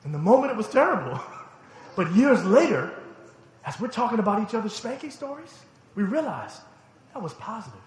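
A man's voice: sits high, very animated, a little fast, long pauses, reverberant, slight background noise. A middle-aged man preaching a sermon, telling family stories emphatically and laughing along the way. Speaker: pastor. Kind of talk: sermon storytelling.

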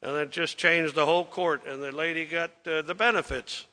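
A man's voice: on the high side, fairly even intonation, normal speed, bright, forceful tone. A man preaching to a congregation, telling a folksy, rambling story with plenty of fillers and acting out the characters' lines. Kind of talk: sermon storytelling.

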